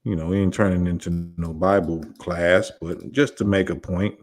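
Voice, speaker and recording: Male host with AAVE, low-pitched, animated and combative on a casual livestream. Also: normal speed. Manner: animated, argumentative, laughs often, rhetorical questions.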